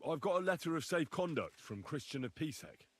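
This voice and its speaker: A man's voice: fairly high pitch, very animated, brisk, no room sound. A young inquisitive nobleman. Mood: polite. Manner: polite, questioning, firm when crossed. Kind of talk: video game voice acting.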